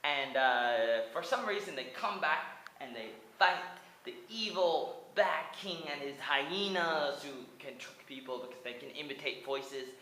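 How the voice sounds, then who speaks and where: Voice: medium pitch, measured pace, pushed and bright, roomy sound, a little hiss or hum, poor audio. A speaker in their twenties from the United States, rambling through a comic retelling of a cartoon movie with stammered restarts and lots of "like". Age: 20s. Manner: rambling, stammering restarts, many likes, breaks into song.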